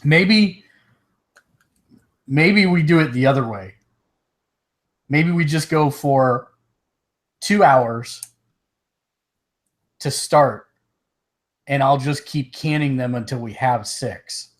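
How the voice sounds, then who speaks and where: A man's voice: mid-range voice, takes it slowly, pauses often. A man co-hosting a gaming podcast, chatting casually and loosely, with hiccups and easy laughs. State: has the hiccups. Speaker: podcast co-host. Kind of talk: casual chat.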